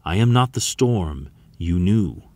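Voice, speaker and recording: A man's voice: low-pitched, expressive, dark tone, no room sound, pitched below the performer's own voice, exaggerated voice. A man putting on a solemn, regal woman. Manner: solemn, measured. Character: calm, regal woman, not fully human.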